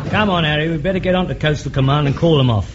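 Gruff workman, man acting, slightly high, faint hiss. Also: racing, highs cut off, lightly acted.

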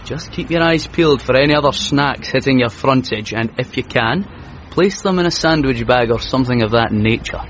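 An actor playing an exasperated, officious young police constable in a radio sitcom. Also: male voice, mid-range voice, moderate pace, a bit bright, a little hiss or hum, lightly acted. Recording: muffled broadcast sound.

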